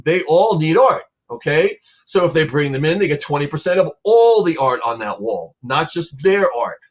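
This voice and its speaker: A man's voice: on the high side, lively intonation, normal speed, muffled recording. A man being interviewed about his art program, talking earnestly and growing emotional as he tells a personal story. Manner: earnest, grows emotional while telling a story. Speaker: guest artist.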